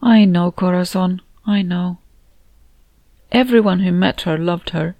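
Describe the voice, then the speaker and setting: A woman reading a warm, motherly woman in an audiobook, who speaks gently and soothingly to a grieving friend. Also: lowish voice, a little slow, no echo, highs cut off. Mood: comforting.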